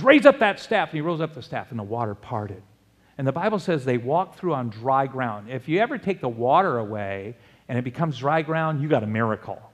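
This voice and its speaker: A man preaching a sermon, telling stories and acting out quotes in raised voices. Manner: storytelling, acts out quotes in high loud voices. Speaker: pastor. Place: church. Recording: long reverb of a large hall.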